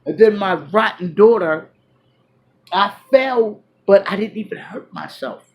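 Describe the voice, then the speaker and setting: A woman vlogger telling a personal story to her viewers, loud one moment and hushed the next, full of fillers and restarts. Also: mid-range voice, a little slow, rough recording. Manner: animated, drifts between loud exclamations and hushed asides; chatty, many fillers and restarts.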